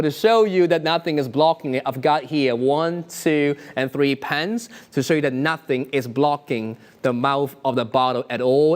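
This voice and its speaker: A man performing an interactive online magic show, full of upbeat showman patter and frequent chuckles. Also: on the high side.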